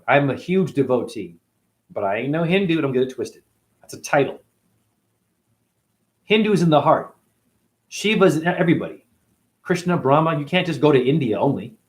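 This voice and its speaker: A man's voice: fairly high pitch, big pitch swings, moderate pace, long pauses. A man hosting a casual livestream, reading viewer comments aloud and rambling in loose, slangy talk.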